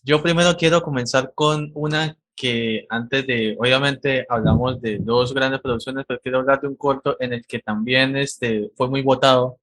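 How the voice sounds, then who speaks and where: A man hosting an interview, asking questions in a measured, hesitant way. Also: mid-range voice, steady tone, fairly bright tone. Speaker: interview host.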